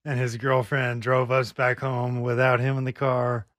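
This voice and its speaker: A man with a Texas twang, co-hosting a podcast and telling a story in a relaxed, casual way. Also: mid-range voice, unhurried, no echo, studio quality. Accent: Texan. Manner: storytelling, relaxed, acts out quoted people. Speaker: podcast co-host. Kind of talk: casual chat.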